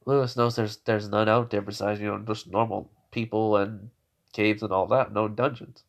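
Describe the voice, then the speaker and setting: A young man telling an improvised fan-fiction story in a halting way, with many restarts and fillers. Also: lowish voice, level tone, vocal fry. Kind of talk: casual improvised story narration.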